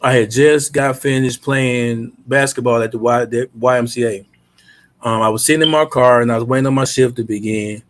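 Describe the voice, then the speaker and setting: A man, a podcast guest, earnestly recounting a painful personal memory in a steady voice. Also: medium pitch, normal speed, slight background noise. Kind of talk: personal storytelling.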